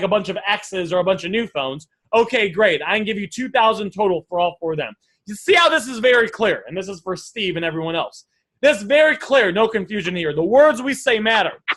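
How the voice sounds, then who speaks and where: A man coaching a live class on sales offers, energetic and repetitive, often calling his listeners guys. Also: high-pitched. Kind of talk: live online teaching session.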